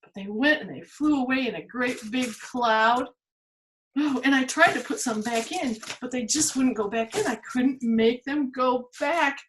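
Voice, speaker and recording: A woman's voice: high-pitched, a little slow, a little hiss or hum. A woman playing Pandora, a curious, vain young woman from Greek myth, in a playful, theatrical storytelling manner. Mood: panicked.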